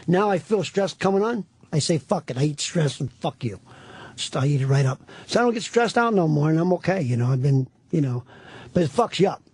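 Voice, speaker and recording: A husky, slightly high voice at a quick pace, with no room sound, belongs to a middle-aged comedian on talk radio. He's an animated storyteller, rambling through profane anecdotes in casual banter.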